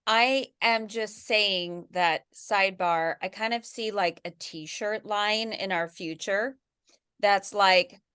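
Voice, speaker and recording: A woman's voice: mid-range voice, takes it slowly, sharp tone, clean tone, no echo, studio quality. A woman hosting a chat podcast, enthusiastically riffing on ideas with her guests. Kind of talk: casual chat.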